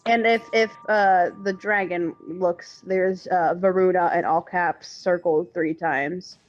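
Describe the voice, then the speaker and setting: A woman's voice: lowish voice, fairly even intonation, slow pace. A woman player in a tabletop game who speaks eagerly and matter-of-factly. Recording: dull lo-fi mic.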